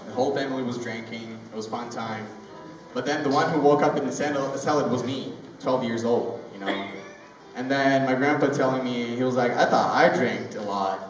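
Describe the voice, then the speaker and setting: A man's voice: medium pitch, steady tone, music in the background. A young man from Ukraine with a Ukrainian accent, a native Russian speaker doing stand-up at an open mic in a rambling storytelling way. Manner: rambling, conversational storytelling with halting restarts. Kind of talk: stand-up comedy. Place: comedy club open mic. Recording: echoey room, mic far off, ambient noise.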